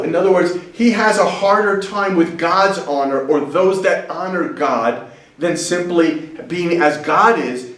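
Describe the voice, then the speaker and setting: A middle-aged man teaching a class in a chatty, joking way, acting out quotes in funny voices. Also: a little high. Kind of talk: casual lecture to a class. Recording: echoey room, voice from far off.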